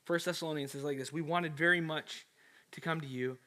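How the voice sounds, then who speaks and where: A male pastor preaching an energetic, emphatic sermon with storytelling. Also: on the high side, fairly quick.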